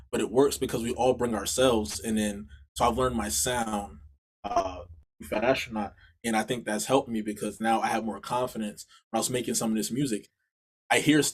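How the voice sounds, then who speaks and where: A man's voice: medium pitch, breathy edge. A man, a musician guest in an interview, talking earnestly and rambling over a video call. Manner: earnest, rambling with restarts and laughs. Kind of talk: casual interview talk.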